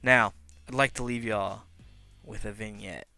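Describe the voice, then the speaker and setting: A man giving casual, joking commentary on his game, brash and hyped-up, now and then shouting. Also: lowish voice, fairly even intonation, unhurried, gravelly, soft background music. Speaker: Pokémon league player and video commentator.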